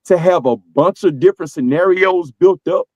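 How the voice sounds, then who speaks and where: A man's voice: high voice, normal speed, darkish tone, no echo, muffled recording. A middle-aged man with a Southern US accent, giving earnest, streetwise advice in casual podcast talk. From American South. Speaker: podcast co-host.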